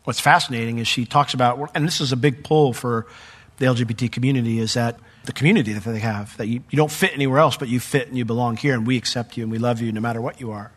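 A middle-aged male pastor preaching a sermon, animated when retelling a story and hushed when sharing his own testimony. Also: mid-range voice, fast talker. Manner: animated storyteller, voice jumps up when acting out the crowd; drops to a soft, hushed tone for personal testimony.

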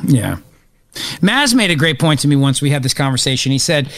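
A man hosting a radio talk show, joking and animated as he chats with his co-hosts. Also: mid-range voice, a little fast, no room sound. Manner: animated, joking, acts out voices. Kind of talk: casual chat.

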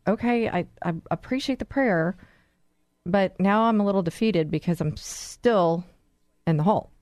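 A woman's voice: mid-range voice, moderate pace, a little mellow, no echo, studio quality, lightly acted. A woman acting out a frustrated person stuck down a hole, calling up for help in a pleading voice.

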